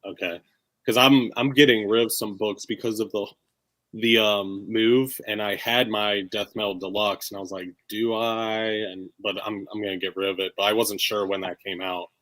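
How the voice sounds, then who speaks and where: A man's voice: on the low side, steady tone, moderate pace, a bit bright, dry recording, poor audio. A man co-hosting a casual comics chat, laid-back and thoughtful, with some hesitations.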